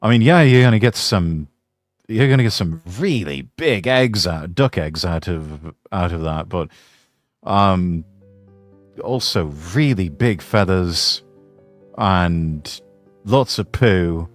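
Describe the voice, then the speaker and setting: A man's voice: low voice, animated, takes it slowly. A male streamer chatting casually and thinking aloud in a hesitant, musing way, talking to his chat. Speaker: streamer reacting to a video. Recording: faint background music.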